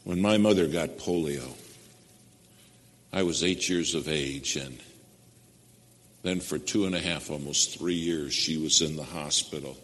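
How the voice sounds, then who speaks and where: An older man preaching in a church, his low voice carrying a bright, forceful edge. He swings from loud emphasis down to hushed, almost whispered lines. The sound rings with a long hall reverb. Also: unhurried, pauses often. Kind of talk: sermon with storytelling.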